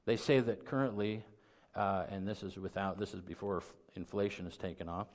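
A middle-aged man preaching a sermon as pastor, talking conversationally and building to loud, emphatic peaks. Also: sits low, steady tone, a little fast.

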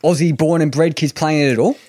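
A man with a somewhat high voice, co-hosting a casual podcast. He asks questions in a halting way, circling with fillers before he gets to the point. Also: dark tone. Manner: hesitant, many fillers like "like" and "kinda". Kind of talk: casual interview chat.

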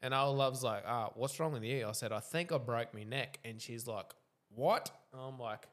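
A man's voice: mid-range voice, normal speed, a bit bright. Laid-back Australian man spinning a yarn. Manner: laid-back, swears freely, laughs through his stories. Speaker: podcast co-host. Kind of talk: casual storytelling.

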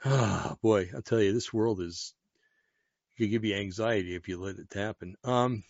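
A man's voice: fairly low pitch, normal speed, vocal fry, a little mellow, dry recording. A man reading news articles aloud and adding casual, sarcastic commentary with frequent fillers. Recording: dull, dry lo-fi home mic.

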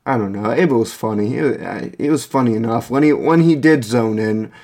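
A man's voice: mid-range voice, fairly quick, darkish tone. A young man casually telling a rambling, profane personal story, with lots of restarts and chuckles. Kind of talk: casual anecdote monologue.

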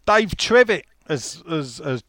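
A man's voice: fairly high pitch, very animated, slow pace, a bit bright, no echo. A man with a London accent, co-hosting a football podcast in casual, ranting banter full of swearing. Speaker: podcast co-host.

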